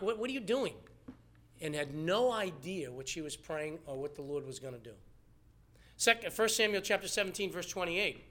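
A man preaching a sermon, animated, acting out the people he quotes. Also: high-pitched. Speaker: pastor.

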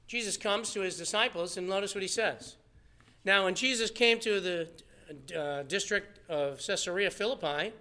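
Guy preaching a sermon, pretty high voice, acts out the people in the story. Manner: animated preaching, acts out quoted speakers. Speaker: pastor.

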